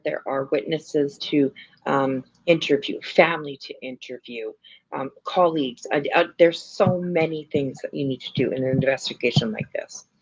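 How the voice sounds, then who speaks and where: Rambling gravelly woman livestreamer. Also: deep voice. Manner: rambling, many fillers, laughs, swears. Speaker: livestream host. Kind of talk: casual livestream chat and commentary. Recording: lo-fi stream audio.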